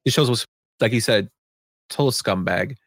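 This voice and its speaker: A podcast co-host talks about films in a loose, rambling way and reads out film facts. He has a husky, medium-pitched voice at a moderate pace, recorded in studio quality with no echo.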